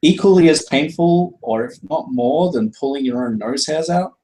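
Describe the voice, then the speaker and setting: A man narrating as game master in an unhurried way, with many fillers. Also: fairly high pitch, lively intonation, warm tone, rough recording.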